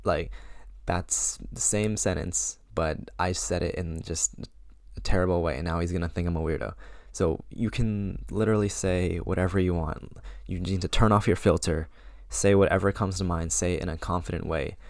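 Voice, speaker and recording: A man's voice: sits low, fairly even intonation, normal speed, few pauses, darkish tone, no room sound, clean studio sound. A young man around eighteen giving casual social advice to camera, chatty and full of fillers, acting out sample lines.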